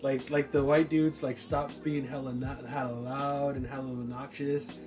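With music playing behind him, a forties-aged man spins a story in relaxed chat at a moderate pace and medium pitch. He swears freely, stays lively, and keeps tossing in "right?" to check in.

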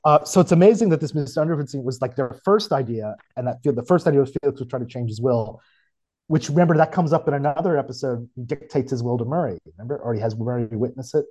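Podcast cohost guy, warm low-key voice, kinda halting, thinking out loud. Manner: thinks aloud, hesitant, with fillers and restarts. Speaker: podcast co-host. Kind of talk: casual chat.

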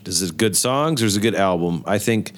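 Deep-voiced man musing casually. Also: lively intonation, fairly quick. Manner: thinks aloud, weighs pros and cons. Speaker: podcast co-host. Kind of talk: casual chat.

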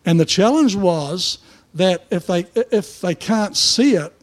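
A middle-aged man with a New Zealand accent preaching a sermon in church, telling personal stories in a colloquial, animated way. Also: high-pitched, a little slow. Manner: down-to-earth, colloquial, animated storytelling. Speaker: pastor.

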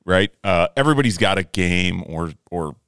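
A middle-aged man hosting a podcast, relaxed and reflective, with casual swearing. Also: deep voice, normal speed, clean tone, no room sound, studio quality. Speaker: podcast host. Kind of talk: casual chat.

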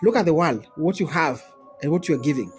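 A man with a Kenyan accent, a guest telling stories in an interview, animated and often repeating words and laughing. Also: a little high, fast, faint music behind. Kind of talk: storytelling in conversation.

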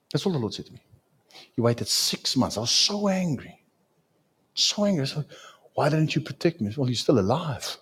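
A man preaching a sermon as a pastor, with dramatic swings in pitch and loudness. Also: big pitch swings, a little fast, husky.

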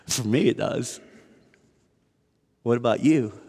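A man's voice: medium pitch, lively intonation, slow pace, pauses often, darkish tone. A man preaching a sermon as pastor, in a conversational, self-deprecating way with rhetorical questions. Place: church sanctuary. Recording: long church hall reverb.

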